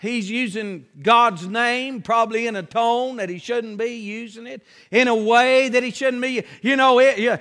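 A man preaching a folksy, emphatic sermon that rises to shouts. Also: extremely high pitch, fairly even intonation, unhurried, few pauses, long reverb tail.

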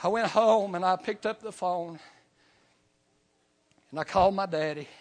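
A middle-aged man preaching a revival sermon and giving his testimony, dropping "amen" after nearly every phrase and swinging between shouting and hushed tones. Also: high voice, unhurried. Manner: swings from shouting to near whisper.

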